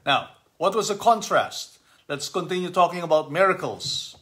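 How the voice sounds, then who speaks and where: A middle-aged man, a father, giving a casual commentary on a gospel passage to his family, halting with many fillers and easy chuckles, and asking animated questions. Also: high voice. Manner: reads scripture aloud, then explains with animated questions.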